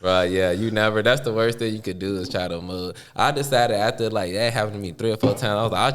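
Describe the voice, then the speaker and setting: A man's voice: on the low side, fast, few pauses, smooth. A man co-hosting a podcast in casual chat, slangy and repeating "for real" and "bro", breaking into hard laughs. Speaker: podcast co-host.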